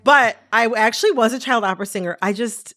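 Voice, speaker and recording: A woman co-hosting a podcast, telling personal stories in an animated, laughing way. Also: a little high, a little fast, over music. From Detroit area. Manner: animated storyteller, laughs often. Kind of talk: casual storytelling chat.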